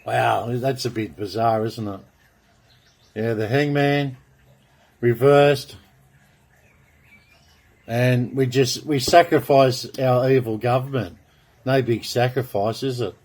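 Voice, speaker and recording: A man from Australia, delivering a slow, rambling monologue full of grandiose, repetitive proclamations as he draws cards. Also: mid-range voice, steady tone, a little mellow. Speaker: video blogger.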